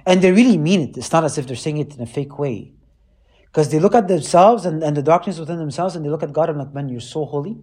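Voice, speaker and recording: A man, a priest, preaching in a casual, animated way and often checking in with his listeners. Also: fairly high pitch, fast. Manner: animated, keeps asking listeners "right?". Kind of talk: conversational sermon.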